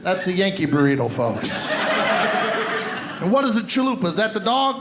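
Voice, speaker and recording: This comic's high, sing-song voice moves at a moderate pace, broken by long pauses, as he ribs the crowd and addresses the audience directly. He's on a comedy club stage with a live audience. The recording is very noisy, roomy, and full of laughter.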